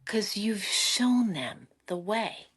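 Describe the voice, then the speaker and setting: A middle-aged woman, a psychotherapist guest on a podcast, giving animated parenting advice with lively asides and laughter. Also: medium pitch, slow pace, breathy edge. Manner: animated, expressive, laughs often, acts out quotes.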